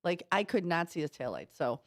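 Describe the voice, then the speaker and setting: A Midwestern woman co-hosting morning radio in a studio, talking in a lowish voice that sits close and dry on the mic. She chats and tells everyday stories with animated, laughing energy. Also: fairly quick, no room sound. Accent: Midwestern American. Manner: chatty, animated storytelling with laughs. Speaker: radio morning show co-host. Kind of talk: casual morning radio chat.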